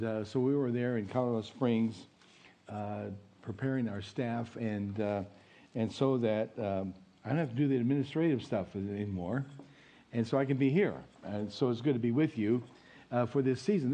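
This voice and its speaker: Folksy, husky-voiced pastor. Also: male voice, medium pitch, dark tone. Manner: folksy and chatty, many fillers, chuckles at own stories. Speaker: interim pastor. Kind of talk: informal sermon.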